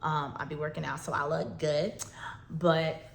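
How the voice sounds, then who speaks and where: A woman's voice: sits low, little pitch movement, unhurried, creaky. Emotional woman podcaster in echoey room. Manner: emotional, fighting tears, reflective. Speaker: podcast host. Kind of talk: personal faith talk. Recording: echoey room with faint noise.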